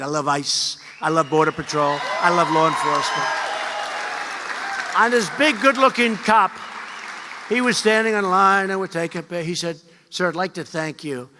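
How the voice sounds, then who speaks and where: A man in his seventies delivers a rambling, boastful campaign speech at a podium, hammering home each point by saying it again. His voice is bright and forceful and sits a little high for a man. It rings through a large hall with long reverb, a faint crowd murmuring behind him. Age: 70s. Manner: repetitive, boastful, emphatic. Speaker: politician.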